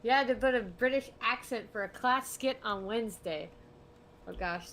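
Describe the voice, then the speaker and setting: A young woman rambles through a relaxed chat while she draws live on stream. She laughs a lot and drifts between lively talk and soft mumbling to herself, and a faint hiss sits under her voice. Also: mid-range voice. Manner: rambling, chatty, laughs often. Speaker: art streamer. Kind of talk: casual chat while drawing.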